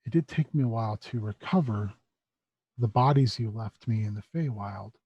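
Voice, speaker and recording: A man voicing a robed stranger who speaks quietly and low, in a measured, ominous way. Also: slightly rough, no echo, dull audio. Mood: menacing.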